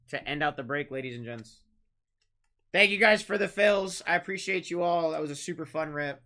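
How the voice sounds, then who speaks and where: Man hosting a live card break, high voice, very bright tone, rapid-fire card calls with shouted big hits. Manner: chatty, teasing banter with chat.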